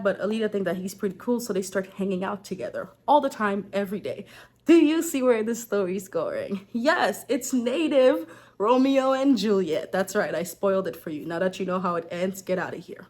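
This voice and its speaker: A woman retells a folktale in a chatty, slangy vlog style, stopping often for joking asides to her viewers. Her voice sits at an ordinary pitch for a woman. She sounds relaxed and unscripted. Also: normal speed. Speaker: folktale storyteller. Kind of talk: casual storytelling vlog.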